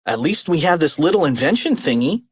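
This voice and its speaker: A man voicing a quick-thinking, bossy young schoolboy in a storybook, high and urgent. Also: sing-song, breathy edge, no room sound, clean studio sound. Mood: eager. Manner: high-pitched, urgent commands.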